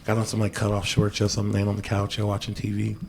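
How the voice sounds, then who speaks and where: Gravelly man telling a wild story. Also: lowish voice, fast, slight background noise. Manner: profane, animated storyteller, says "yo" constantly. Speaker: podcast host. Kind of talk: casual storytelling chat.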